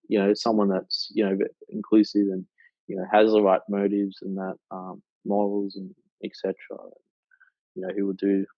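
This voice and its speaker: A man's voice: on the low side, dry recording. A young Australian man in his twenties chatting casually as a podcast guest, rambling with lots of fillers and restarts. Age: 20s. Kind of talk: casual chat. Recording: dull lo-fi dry sound.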